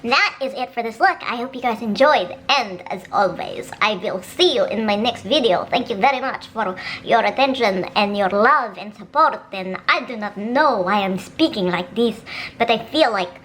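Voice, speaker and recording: A woman voicing a theatrical female vampire, speaking slowly and formally in an exaggerated put-on accent. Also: mid-range voice, animated, a bit bright, a little hiss or hum, lightly acted, rough recording.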